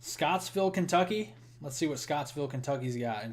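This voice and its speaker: A man's voice: on the high side, expressive, brisk. A young man with a Midwestern American accent talks on a live weather stream. His voice sits a little above most men's, and he keeps a loose, chatty flow as he thanks viewers and runs through storm and snow details. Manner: chatty, thanks donors, rattles off forecast details. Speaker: weather livestream host.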